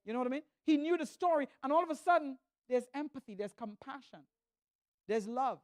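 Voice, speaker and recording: A man giving a humorous sermon talk in a church, telling stories in an animated way with stammering restarts. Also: very high-pitched, a little fast, no echo. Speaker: church speaker.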